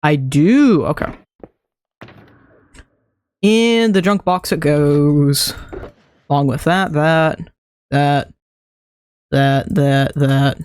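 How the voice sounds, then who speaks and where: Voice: medium pitch, drawn-out words, long pauses, darkish tone, clean tone, dry recording. A streamer giving casual gameplay commentary, muttering and thinking aloud to themself.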